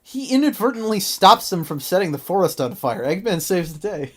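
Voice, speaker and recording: Animated podcast host in casual review chat. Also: medium pitch, a little fast. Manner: animated, exasperated, laughs often.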